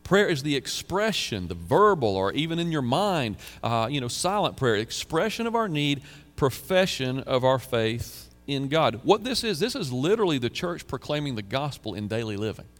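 A man's voice: medium pitch, big pitch swings, normal speed, long reverb tail, faint music behind. A man preaching a sermon as pastor, earnestly reading psalms aloud with emphasis and conversational asides. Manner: conversational asides, repeats phrases.

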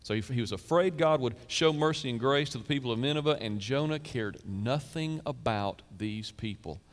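Male pastor, mid-pitched, dynamic sermon delivery, recorded in a hall with long reverb. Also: moderate pace. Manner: dynamic preaching, swings from loud to quiet.

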